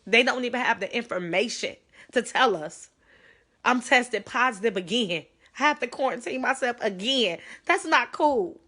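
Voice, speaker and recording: A woman talks straight into her phone on a live stream. Her voice is bright and forceful, urgent and pleading, and she sounds close to tears. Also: a little high, expressive, moderate pace. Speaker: livestreamer. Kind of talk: emotional live stream address.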